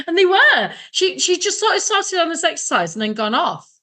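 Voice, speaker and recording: A young woman from England co-hosting a podcast, chatting casually and acting out voices in her anecdotes. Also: very high-pitched. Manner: animated, laughs often, acts out voices in anecdotes. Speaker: podcast co-host. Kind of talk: casual chat, storytelling.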